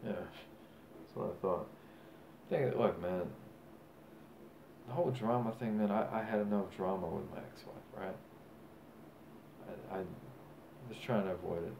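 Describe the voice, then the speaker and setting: A man's voice: fairly low pitch, moderate pace, vocal fry, pauses often. A young man, boasting and rambling in a profane, drunken monologue. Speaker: self-styled boxing champion vlogger. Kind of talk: casual monologue. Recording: faint background noise.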